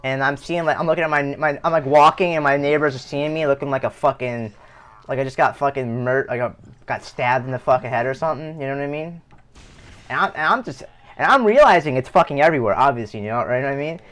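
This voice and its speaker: A man's voice: medium pitch, quick pace, fairly bright tone. A young man streaming live, telling a rambling personal story with heavy swearing and many restarts. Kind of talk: casual storytelling.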